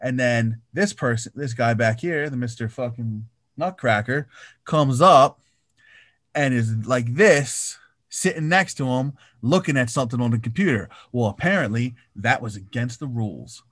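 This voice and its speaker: A man's voice: mid-range voice, normal speed, dry recording, studio quality. A man in casual chat, telling stories animatedly with lots of swearing. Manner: profane, animated storytelling, acts out quotes loudly.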